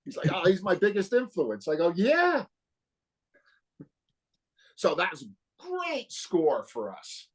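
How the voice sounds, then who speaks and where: Animated, profane storytelling man. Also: high-pitched, moderate pace, few pauses, breathy edge. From New Jersey. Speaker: guest guitarist. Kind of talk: casual interview storytelling.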